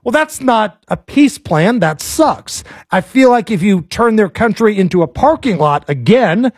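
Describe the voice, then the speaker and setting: High-voiced, blunt American host. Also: male voice, breathy edge, no echo, studio quality. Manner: blunt and animated, quick bursts of opinion. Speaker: talk show host. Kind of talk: casual political talk.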